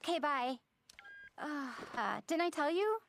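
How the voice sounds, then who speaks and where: A woman voicing a restless, flustered teenage girl in an animated film. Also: sits high, a little slow, a little hiss or hum, exaggerated voice.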